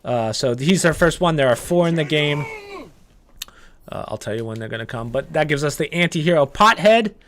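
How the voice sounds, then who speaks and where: A young man giving casual gameplay walkthrough commentary, relaxed and chatty, with frequent "uh" and "um" as he explains each step. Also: fairly high pitch, normal speed, slight background noise. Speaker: gaming guide creator.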